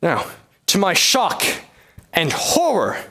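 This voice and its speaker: A man's voice: high voice, huge pitch swings, slow, a bit bright, full character voice. A young man playing a scheming sheriff who narrates a one-man comedy in a theatrical storytelling manner. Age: young adult. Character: scheming male sheriff narrating his woes.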